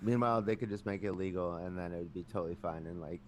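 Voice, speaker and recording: Low-voiced laid-back co-host. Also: male voice, quick pace, slight background noise. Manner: laid-back, chiming in with short reactions and swearing. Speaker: podcast co-host. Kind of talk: casual chat.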